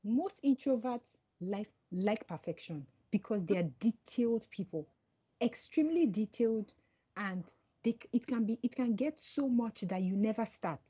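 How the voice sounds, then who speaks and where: Woman guest, lively storyteller, raspy and somewhat high, dull lo-fi call audio. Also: moderate pace. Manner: animated storytelling, acts out quoted dialogue. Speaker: podcast guest, coach. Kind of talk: casual interview chat.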